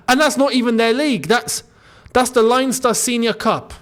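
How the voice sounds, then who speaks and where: A young man hosting his football channel, talking casually and with animated disbelief, jumping between loud outbursts and mutters. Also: extremely high pitch. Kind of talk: casual solo commentary.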